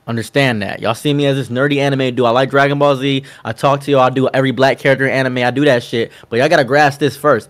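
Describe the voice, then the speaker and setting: A man who hosts convention panels, chatting casually and telling stories with animated quotes of the people in them. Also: mid-range voice, rapid-fire, hardly any pauses. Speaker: content creator and convention panelist. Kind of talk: casual storytelling chat.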